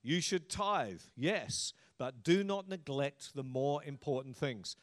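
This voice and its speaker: A man's voice: a little high, lively intonation, slow. A middle-aged man pastor giving a sermon in a conversational, humorous preaching manner.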